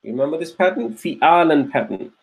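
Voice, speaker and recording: A man with a somewhat high voice leads an Arabic grammar class while writing on a board. He drills each word slowly and repeats it several times. He keeps checking in with his students to see that they are following. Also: expressive. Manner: patient, drills words by repeating them slowly. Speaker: Arabic teacher.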